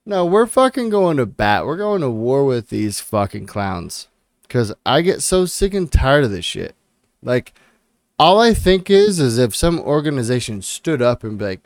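A man's voice: medium pitch, animated, measured pace, no echo, clean studio sound. A man in his thirties co-hosting a podcast, talking in a fired-up, defiant, profane way in casual chat. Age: 30s. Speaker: podcast co-host.

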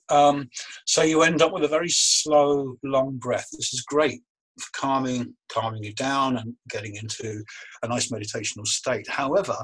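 A man with a husky, breathy edge to his voice talks through breathwork and ritual methods as an interview guest. He speaks over a remote call, pausing and restarting his sentences as he thinks. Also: mid-range voice, a bit bright, poor audio. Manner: thoughtful, restarts phrases, many ums. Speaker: guest, magician and breathwork coach. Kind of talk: relaxed explanatory interview talk. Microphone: video call.

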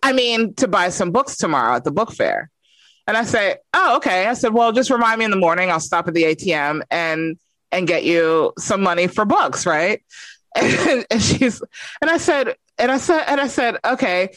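A woman's voice: fairly low pitch, moderate pace, no room sound. Mom telling a story about her kid, acts out the voices, dry close mic. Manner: expressive, acts out the dialogue. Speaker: mother, podcast guest. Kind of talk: casual storytelling.

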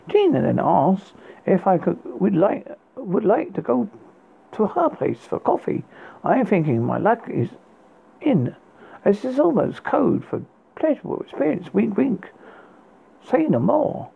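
A man hosting a horror podcast, reading his story in a halting way with restarts, on a tinny lo-fi recording. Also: sits high, wildly swooping pitch, gravelly, slightly rough. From United Kingdom. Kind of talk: read horror story narration. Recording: tinny phone-like lo-fi sound.

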